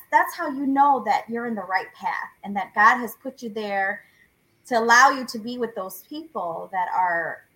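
Bright-voiced earnest woman host. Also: fairly high pitch, rough recording. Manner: earnest, thankful, many "you know" and "like" fillers. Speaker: show host and business owner. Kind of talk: casual talk-show chat.

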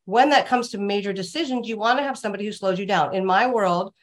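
A middle-aged woman who coaches leaders talks through her advice. Her manner is reflective and emphatic, and her pitch sits in the middle of the usual range. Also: quick pace.

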